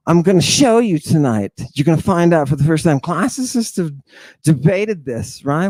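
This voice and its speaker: A man's voice: on the high side, very animated, moderate pace, a little mellow, no room sound. A man hosting and giving a theatrical lecture to his audience. He stresses and repeats key words and keeps firing rhetorical questions. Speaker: lecturer and host.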